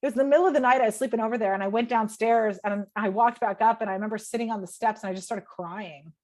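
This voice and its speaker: A woman's voice: a little high, fast, a little mellow. Emotional woman telling a personal story. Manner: emotional, swears freely, quotes herself in her head. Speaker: podcast guest.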